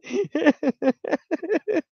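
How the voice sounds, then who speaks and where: A man's voice: very high voice, animated, drawn-out words, vocal fry, darkish tone, no echo, highs cut off. A man hosting his channel, reacting to videos with blunt, profane, sarcastic commentary. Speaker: channel host.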